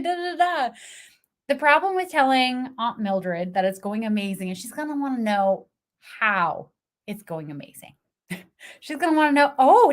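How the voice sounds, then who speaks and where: A woman's voice: mid-range voice, fairly bright tone. A woman business coach talking casually on a livestream from a phone propped against her computer, laughing often and acting out little quoted voices.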